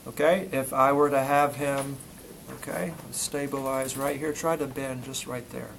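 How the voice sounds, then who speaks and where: A man's voice: medium pitch, steady tone, measured pace, gravelly, fairly bright tone, a little hiss or hum, poor audio. A male instructor teaching a classroom lesson, quizzing students as he demonstrates muscle testing on a volunteer. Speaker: physical therapy instructor.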